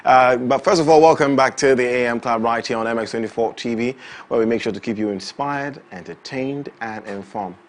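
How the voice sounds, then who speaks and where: A man's voice: mid-range voice, a little fast, a little hiss or hum. A man hosting a morning show, announcing events and chatting with a guest. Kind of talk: upbeat morning show presenting and interviewing.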